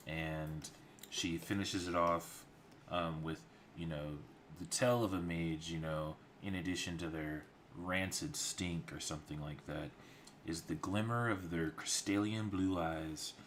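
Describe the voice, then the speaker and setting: A man's voice: sits low, steady tone, measured pace, a bit bright, a little hiss or hum. A man streaming his storyboard work, rambling casually as he talks through scene ideas. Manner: loose and rambling, lots of fillers. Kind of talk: casual livestream narration. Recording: clear keyboard typing behind.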